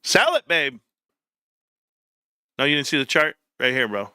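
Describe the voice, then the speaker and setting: A man's voice: mid-range voice, huge pitch swings, unhurried, pauses often, bright, forceful tone, clean tone, no room sound, studio quality. A young man hosting a casual livestream, joking and riffing as he reads chat messages aloud. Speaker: livestream host.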